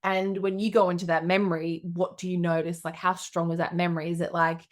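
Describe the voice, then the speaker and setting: A middle-aged woman, a coach telling stories on her podcast with lively, animated delivery. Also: fairly quick, hardly any pauses. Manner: lively, animated storytelling with big pitch jumps. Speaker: business coach. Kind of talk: storytelling podcast monologue.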